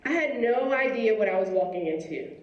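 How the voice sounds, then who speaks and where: A woman giving a motivational speech to students, telling a story in a lively way and acting out the people in it. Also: mid-range voice, fairly quick, highs cut off. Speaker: school principal giving a speech. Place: school auditorium. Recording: echoey hall, from far off.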